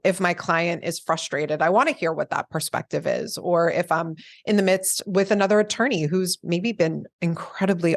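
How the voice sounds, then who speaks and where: A woman in her forties, an attorney being interviewed, speaking calmly and evenly and acting out the lines of people she has dealt with. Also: on the low side, vocal fry, no echo, studio quality. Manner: calm, measured, acts out quoted dialogue. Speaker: attorney guest. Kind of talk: conversational interview answers.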